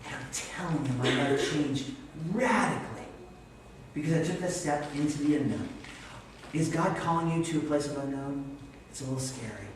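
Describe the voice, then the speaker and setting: Male preacher, a little high-pitched, animated storyteller, heard from afar in a reverberant sanctuary. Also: normal speed, noisy background. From Vermont, USA. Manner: animated, self-deprecating storytelling. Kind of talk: sermon. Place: church sanctuary. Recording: echoey church hall, distant mic.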